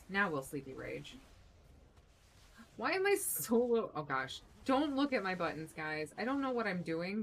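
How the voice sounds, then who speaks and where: A woman streamer giving casual, excitable gameplay commentary, chatty and blunt, with some mild swearing. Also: lowish voice, a little hiss or hum, low-quality recording. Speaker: game streamer.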